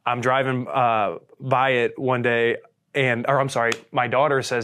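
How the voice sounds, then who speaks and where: A man's voice: mid-range voice, fairly even intonation, unhurried, a bit bright, slight background noise. Laid-back man from Missouri swapping stories. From St. Charles, Missouri, US. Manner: laid-back, swears freely, peppers speech with "dude" and "you know what I mean". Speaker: guest, business owner. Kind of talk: casual storytelling chat.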